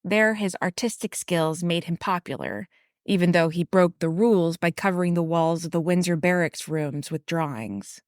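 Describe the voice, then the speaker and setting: A woman with a fairly low voice narrates a true crime history podcast from a prepared script. She slips in casual asides and the odd stumble. The sound is close and dry, with no room behind it. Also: moderate pace, no room sound. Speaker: podcast host.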